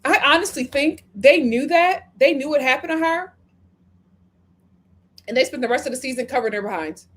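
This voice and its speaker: Animated woman hosting a live review. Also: high-pitched, moderate pace, long pauses. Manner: animated, dramatic retelling with bursts of laughter. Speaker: host reviewing a show and reading viewer comments. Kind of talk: casual live-stream review chat.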